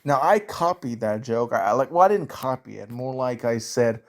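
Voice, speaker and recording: A man with a Southern US accent speaks at a mid pitch in a slow, drawn-out way. He rants casually through viewer questions and leans on fillers as he goes. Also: expressive. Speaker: YouTuber answering viewer questions. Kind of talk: casual ranting commentary.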